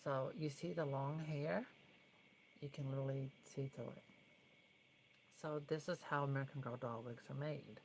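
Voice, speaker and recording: A woman's voice: extremely low pitch, steady tone, moderate pace, gravelly, long pauses, a little hiss or hum, low-quality recording. A woman talking casually as she works on a doll, chatty and opinionated, sometimes dropping to a whisper. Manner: chatty, opinionated, drifts between soft whispers and fuller speech. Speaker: doll customizer vlogger. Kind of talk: casual tutorial vlog.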